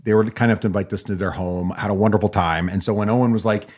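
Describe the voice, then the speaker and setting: A middle-aged man co-hosting a podcast in casual chat, enthusiastic and quick to agree. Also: lowish voice, fairly even intonation, a little mellow. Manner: enthusiastic, agreeable, lots of short affirmations. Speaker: podcast co-host.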